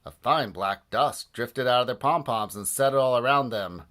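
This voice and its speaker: A man reading a children's book aloud in a playful, animated way and doing voices for the characters. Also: medium pitch, moderate pace. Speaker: storybook reader.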